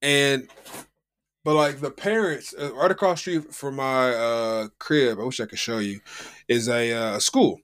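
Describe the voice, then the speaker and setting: Podcast co-host, male, from the States, loose slangy storyteller, mid-pitched voice. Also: measured pace, fairly bright tone, clean tone. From United States. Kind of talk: casual chat. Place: home.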